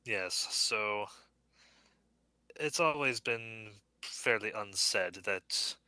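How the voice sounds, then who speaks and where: A man playing his character in a tabletop game, talking in an earnest, halting, hushed way. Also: lowish voice, smooth, dry recording. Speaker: player voicing a character. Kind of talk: in-character tabletop role-play.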